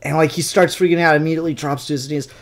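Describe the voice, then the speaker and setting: A man's voice: fairly high pitch, steady tone, racing, a little hiss or hum. A man casually reviewing a comic book, rambling with enthusiasm and an occasional swear, recorded on his camera mic. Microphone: camera mic, showing pages to camera.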